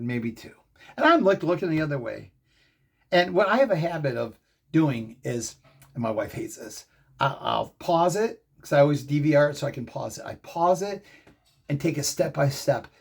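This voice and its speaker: A middle-aged man hosting a fan show, telling a rambling, excitable story in casual commentary. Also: medium pitch. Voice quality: gravelly, husky.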